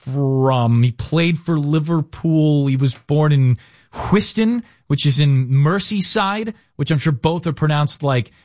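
A man's voice: on the high side, slow, darkish tone, dry recording, studio quality. A man hosting a casual sports talk show, setting up stories with emphatic, wry banter. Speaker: podcast host.

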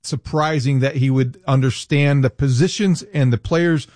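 A man co-hosting sports talk radio, enthusiastic and animated as he argues a point. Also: mid-range voice, normal speed, dry recording, studio quality. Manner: enthusiastic, animated, mimics a coach.

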